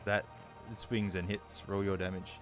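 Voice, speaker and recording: A man narrating as dungeon master of a tabletop game, talking loosely with many fillers and pauses. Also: low voice, level tone, soft background music.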